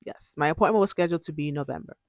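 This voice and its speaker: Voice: medium pitch, rapid-fire, a little mellow, no echo. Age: young adult. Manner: candid, emotional storyteller. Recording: dry. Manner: candid and emotional, breaks into laughs and tears; relives moments by quoting their own past words. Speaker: podcast host telling own story. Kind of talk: casual personal storytelling.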